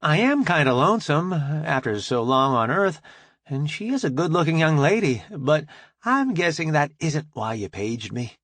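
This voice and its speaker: Narrator doing a laid-back folksy space guy, easygoing, lively voice, dry close sound. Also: a little high, moderate pace, dry recording, exaggerated voice.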